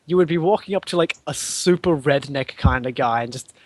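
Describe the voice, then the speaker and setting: A man's voice: a little high, brisk, no room sound. A man running a tabletop game as game master, rambling and hesitant with frequent laughs.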